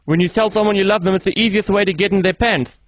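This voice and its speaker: A man pranking callers at a radio switchboard, teasing them with quick, mock-innocent comebacks. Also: sits high, steady tone, no room sound. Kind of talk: prank phone calls. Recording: noisy radio phone-in recording.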